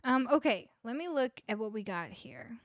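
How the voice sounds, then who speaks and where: Close up on a studio vocal mic, a Canadian musician talks casually with her livestream viewers at home between songs and coos at her dog. Her voice is on the high side and animated, at a moderate pace, with no room sound.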